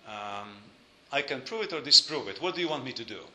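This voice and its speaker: A man's voice: medium pitch, animated, brisk, pushed and bright, reverberant, low-quality recording. A man giving a lecture, hesitant with many fillers and dry joking asides.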